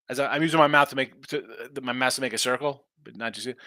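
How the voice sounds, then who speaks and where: A man's voice: medium pitch, bright, forceful tone, dry recording, clean studio sound. A man hosting a sports betting show, chatting casually and sarcastically while reading viewer comments. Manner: brash, fast-talking, sarcastic. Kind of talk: casual live-stream talk, reading chat.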